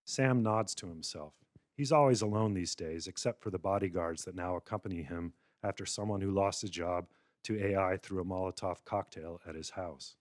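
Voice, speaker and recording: A man's voice: deep voice, moderate pace, no echo, studio quality. A male lecturer giving a public talk, narrating a wry, satirical scenario. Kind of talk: public lecture, storytelling argument.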